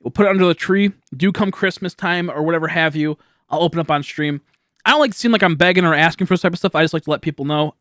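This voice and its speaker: A young man streams from home, talking to his chat in a loose, rambling way and breaking into laughter often. His voice sits a little high for a man. The sound is dry and close to the mic. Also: fairly bright tone, dry recording. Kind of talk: casual live-stream chat.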